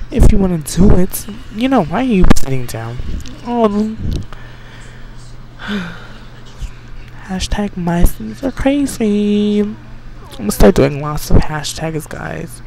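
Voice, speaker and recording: A man giving excitable, chatty let's play commentary, bossing his game characters around. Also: high voice, takes it slowly, creaky, long pauses. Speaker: game streamer. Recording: noisy home recording.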